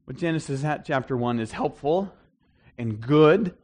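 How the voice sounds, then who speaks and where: Speaking at a moderate pace in a fairly high voice, a middle-aged pastor gives a sermon to a church hall congregation. The tone is conversational and instructive, with moments of animated emphasis.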